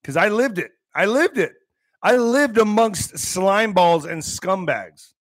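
A man's voice: sits high, expressive, takes it slowly, dry recording, clean studio sound. A middle-aged man giving emphatic, sarcastic commentary as a podcast host, swearing as he reads out and mocks the news. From US border region. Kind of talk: ranting commentary reading news.

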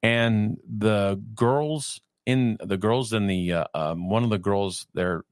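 Deep, gravelly man in his fifties from California; reads steadily, drifts into rambling asides; dry close sound. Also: dry recording. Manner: reads evenly, then digresses in a halting conversational way. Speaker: reader and commentator. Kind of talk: reading aloud with personal asides.

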